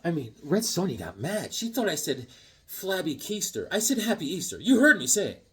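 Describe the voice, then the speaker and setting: Lively, husky-voiced man rambling excitedly. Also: high-pitched, moderate pace. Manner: animated and excitable, self-deprecating, rambling asides. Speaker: comic collector showing his collection. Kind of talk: casual show-and-tell vlog.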